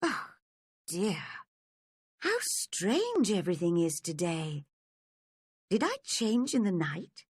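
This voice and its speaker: A woman's voice: fairly low pitch, sing-song, slow pace, long pauses, breathy edge, no echo, clean studio sound, heavily acted. A woman reading a storybook, voicing a curious young girl who is easily upset, in a wondering, fretful way.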